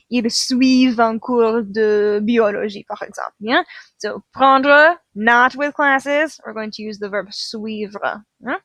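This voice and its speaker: Woman French teacher, slightly high voice, patient drilling, dry close mic. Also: a bit bright, no echo. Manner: switches between French and English, drills with repeated prompts. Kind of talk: classroom grammar lesson.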